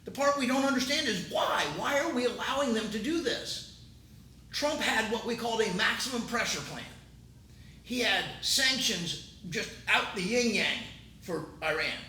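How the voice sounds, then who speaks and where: A man's voice: animated, moderate pace, bright, forceful tone. A man hosting his own political commentary show, talking in an emphatic, indignant way. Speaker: host. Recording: roomy, distant mic, faint rumble.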